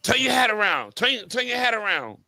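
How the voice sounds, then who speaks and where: A man's voice: high-pitched, sing-song, a little fast, sharp tone, no room sound, clean studio sound, pitched above the performer's own voice, exaggerated voice. A man voicing a stern middle-aged Jamaican father scolding his son, in a clipped, scolding Jamaican accent.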